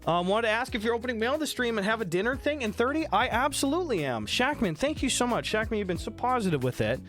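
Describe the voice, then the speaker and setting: A man's voice: very high-pitched, very animated, fast talker, a bit bright, faint music behind. A man chatting casually on a live stream while sick, reading chat, thanking viewers by name and swearing freely.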